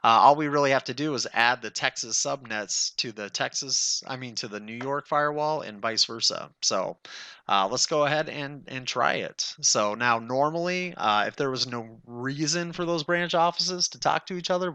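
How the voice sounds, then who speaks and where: A man with a gravelly, crisp, forceful voice walks through a networking tutorial in a casual, chatty way. He thinks aloud and talks straight to his viewers, and the recording sounds dry and close. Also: medium pitch, no echo.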